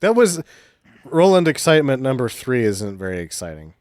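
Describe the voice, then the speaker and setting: Man, joking podcast co-host, animated pitch, dry close mic. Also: moderate pace, no room sound. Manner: joking, deadpan wisecracks. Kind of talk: casual movie riffing.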